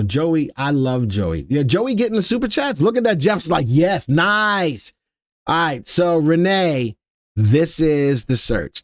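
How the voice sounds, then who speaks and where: A man hosting a live stock-market stream in an easy, chatty way, joking with the chat and repeating his key points. His voice sits at an ordinary middle pitch. The recording is dry and close-miked. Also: dry recording. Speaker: livestream stock analyst host.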